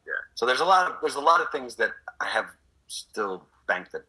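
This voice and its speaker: A man's voice: mid-range voice, moderate pace, slightly rough, poor audio. A middle-aged man from Texas, chatting in an interview and acting out voices as he tells stories. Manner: animated storyteller, acts out quotes. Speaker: actor guest. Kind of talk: casual interview chat.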